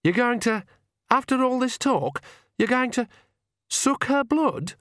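Casting: male narrator putting on a high, shrill young witch, defiant and pleading. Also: big pitch swings, takes it slowly, a bit bright, no echo, clean studio sound, full character voice. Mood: shrill defiance.

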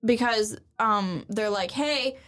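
A woman's voice: fairly high pitch, takes it slowly, a bit bright. A young woman co-hosting a podcast, retelling an anime episode in a rambling, profane way and acting out the characters' lines. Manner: rambling, swears a lot, acts out characters' lines. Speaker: podcast co-host.

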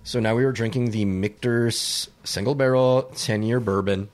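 A young man spinning a story on a casual podcast. He talks in a loose, profane way, often breaks into laughter, and shouts out the lines he quotes. His voice sits at an ordinary middle pitch. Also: steady tone, moderate pace. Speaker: podcast co-host.

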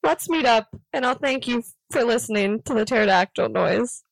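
A woman's voice: a little high, moderate pace, vocal fry, dry recording, rough recording. A woman co-hosting a podcast, telling dating stories in casual, giggly chat. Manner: animated, giggly storytelling. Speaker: podcast co-host.

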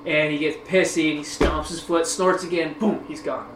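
Guy with a higher voice telling a story, cussing a lot and laughing, echoey room with noise behind. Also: moderate pace. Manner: animated, profane, laughs often. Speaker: podcast host. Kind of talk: casual storytelling conversation.

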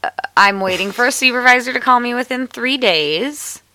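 A woman co-hosting a podcast in casual chat, chatty and excitable, laughing often as she talks. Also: on the high side, moderate pace, no echo. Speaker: podcast co-host. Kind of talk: casual chat, reading a listener email.

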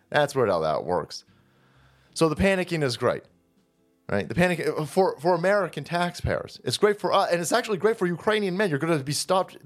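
A man hosting a profane political rant, sarcastic and combative in manner. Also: high-pitched. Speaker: political commentary host.

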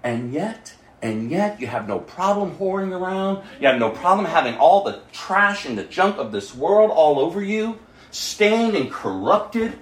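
A man preaching a sermon as pastor, emphatic, swinging from quiet asides to loud exhortation. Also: high-pitched, very animated, a little slow, reverberant.

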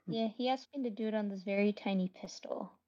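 A woman player in a tabletop game speaks casually, often laughing as she talks in character. Her voice is mellow and dark in tone, at an ordinary pitch, heard through a dull lo-fi mic. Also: normal speed, no room sound.

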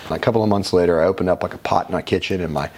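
Deep-voiced man telling his story. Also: steady tone, very fast, darkish tone, slight background noise. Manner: frank, conversational, casually profane. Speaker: interview guest. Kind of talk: candid personal storytelling.

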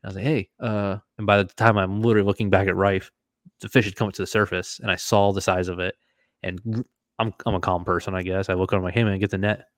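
A man co-hosting a casual podcast, telling a fishing story with lively acted-out quotes. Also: low-pitched, quick pace, dry recording, studio quality. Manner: animated storyteller, acts out quotes. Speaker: podcast co-host.

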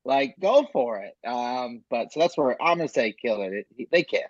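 A man's voice: medium pitch, expressive, moderate pace, no echo. A man co-hosting a podcast, chatting casually and laughing often. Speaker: podcast co-host. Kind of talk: casual chat. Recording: dull dry lo-fi mic.

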